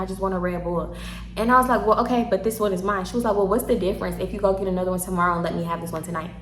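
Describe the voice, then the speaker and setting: A woman with a Houston accent telling a story casually to her viewers, animated, slangy and quick to laugh. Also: mid-range voice. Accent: Southern US, Houston. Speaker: storytime vlogger. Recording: echoey room.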